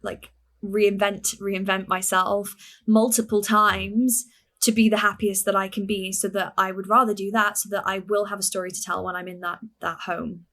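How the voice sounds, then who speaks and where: A woman's voice: mid-range voice, flat delivery, normal speed, pushed and bright. A woman guest on a casual podcast who talks reflectively and sometimes searches for her words mid-sentence. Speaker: podcast guest, fitness coach.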